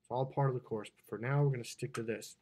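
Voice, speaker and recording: A man who coaches people on dating and relationships gives a seminar talk, animatedly acting out the quoted dialogue in his stories. He speaks at medium pitch and a quick pace into a wired microphone.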